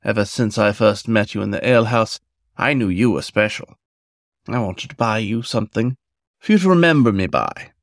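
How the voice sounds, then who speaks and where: A man voicing an older, tender and protective male lover in a storybook reading, speaking softly and soothingly. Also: lowish voice, expressive, normal speed, vocal fry, no room sound, clean studio sound.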